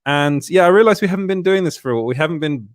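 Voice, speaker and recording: A man's voice: fairly high pitch, animated, racing, dry recording, studio quality. A tired man hosting a live stream, chatting casually with lots of filler words and little chuckles. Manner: rambling, many "uh" fillers, frequent chuckles. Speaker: host of a live show.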